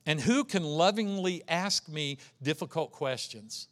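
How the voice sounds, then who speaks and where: A man's voice: on the high side, lively intonation, a little slow, a bit bright. A man preaching an earnest sermon as pastor, acting out the voices he quotes.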